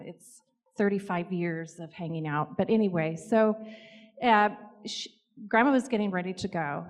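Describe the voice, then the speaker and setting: A woman telling personal stories in a gentle, reflective way, with pauses. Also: fairly low pitch, long reverb tail. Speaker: co-author and speaker. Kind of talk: storytelling talk.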